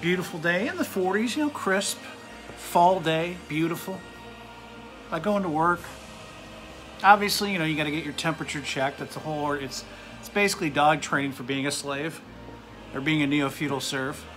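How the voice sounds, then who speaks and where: A man rants to his camera, irate and sarcastic, swearing freely. His voice sits a little high and sounds very bright and forceful. Faint music plays behind him. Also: moderate pace. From United States. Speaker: vlogger. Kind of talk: angry ranting monologue.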